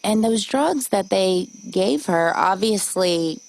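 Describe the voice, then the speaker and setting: A woman hosting a podcast, chatting casually, animated and swearing freely. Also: mid-range voice, slow pace, vocal fry, poor audio. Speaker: podcast host.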